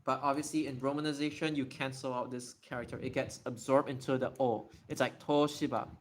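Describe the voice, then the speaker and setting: A man hosts a casual livestream Q&A while writing, talking fairly quickly in a flat, mid-range voice. He thinks aloud and often corrects himself and apologizes.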